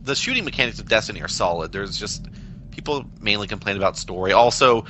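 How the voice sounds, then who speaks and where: A young man from Britain talks games on a podcast, laughing often. His voice is bright and forward, with a faint hiss of noise under it. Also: on the low side, expressive, fast talker, poor audio. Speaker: podcast co-host. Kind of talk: casual chat.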